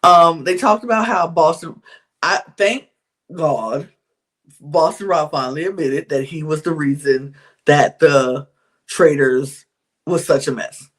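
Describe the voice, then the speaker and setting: A woman's voice: low voice, slow pace. A woman hosting a podcast, giving a candid, chatty recap of a reality show, with frequent sighs and laughs. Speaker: podcast host.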